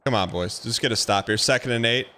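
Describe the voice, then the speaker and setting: A man streaming a football video game, giving excitable running commentary and repeating phrases as he plays. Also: medium pitch, fast. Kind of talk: live gameplay commentary.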